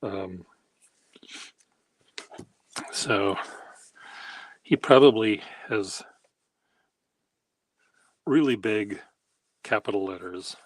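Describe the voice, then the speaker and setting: A man talks his way through a handwriting demonstration, musing aloud with wry, self-deprecating asides. His voice sits a little low and sounds husky and breathy. He speaks slowly and loosely, like someone thinking as he goes. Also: dry recording. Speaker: pen workshop host. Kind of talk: casual rambling demonstration.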